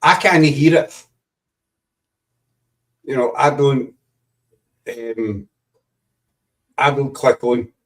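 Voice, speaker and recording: A man's voice: mid-range voice, far from the mic. Rambling Scottish man, set back from the mic. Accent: Scottish, West of Scotland. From Glasgow, Scotland. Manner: rambling, halting, teasing. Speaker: host. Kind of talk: casual live chat show.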